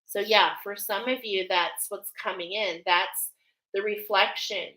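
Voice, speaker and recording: Woman oracle reader, slow and bright, effusive, live-stream card reading with an American accent. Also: medium pitch, steady tone, rough recording. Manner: effusive, exclaiming, laughing often.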